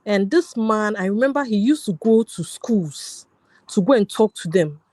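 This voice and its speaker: A woman's voice: medium pitch, expressive, normal speed, darkish tone, no room sound. A woman, a teacher joining a panel discussion, stepping in politely to share a memory.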